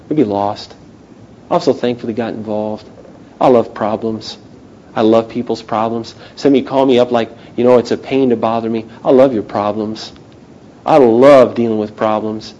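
A man in his thirties preaching an impassioned sermon to students, swinging between loud urgency and hushed intensity. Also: medium pitch, poor audio. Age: 30s.

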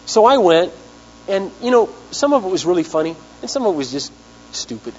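A pastor with a high, very animated voice preaches briskly, telling stories and putting rhetorical questions to his congregation. It's captured on a dull, lo-fi 1990s sermon tape with a faint mains hum.

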